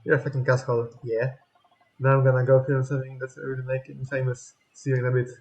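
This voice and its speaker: A man's voice: mid-range voice, flat delivery, fast, vocal fry, darkish tone, highs cut off. A man commenting on a story game as he plays it, blunt and swearing freely while mocking the characters. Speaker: gamer playing a story game. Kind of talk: let's play commentary.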